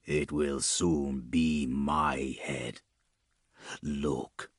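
A man voicing a calm, sinister, rotting male plague knight who speaks low, slowly and half-whispered. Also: dry recording, clean studio sound, full character voice.

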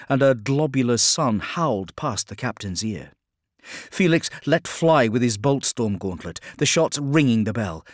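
A man reading a dramatic action story aloud as a narrator, in a measured, steady delivery. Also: medium pitch, dry recording, clean studio sound. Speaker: audiobook narrator. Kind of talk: scripted narration.

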